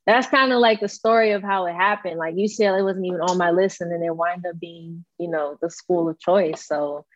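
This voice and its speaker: A young woman, a college basketball player, telling a long story in a relaxed interview, with plenty of fillers and acted-out quotes. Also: on the low side, a little fast, no echo, lo-fi sound. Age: young adult. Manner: relaxed, filler-heavy, acts out quoted dialogue.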